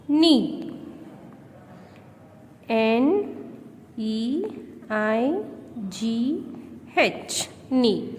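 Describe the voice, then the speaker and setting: A woman with an Indian English accent teaching young children, slowly spelling out words letter by letter. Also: on the high side, big-room sound, a little hiss or hum. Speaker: primary school teacher. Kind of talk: slow classroom lesson.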